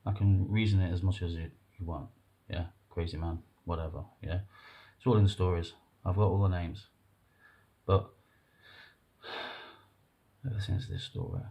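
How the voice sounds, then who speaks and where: A vlogger speaks to camera with a low-sitting voice in dull audio. His monologue is emotional and rambling, halting and earnest, as he breaks off and starts over.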